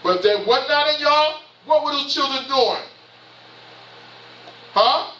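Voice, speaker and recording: A man's voice: very high-pitched, animated, unhurried, bright, forceful tone, slight background noise. Southern bishop in his 50s preaching hard, tons of questions, echoey church, far off. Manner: impassioned, repetitive preaching with rhetorical questions. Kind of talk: sermon. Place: church sanctuary.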